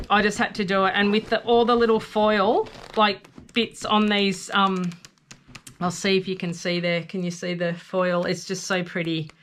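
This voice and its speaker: A woman in a casual craft haul video, cooing and gasping with delight over each find. She talks at an ordinary, mid-range pitch, with a little faint noise sitting behind her voice. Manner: gushing, excitable, gasps and coos over paper. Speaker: craft vlogger.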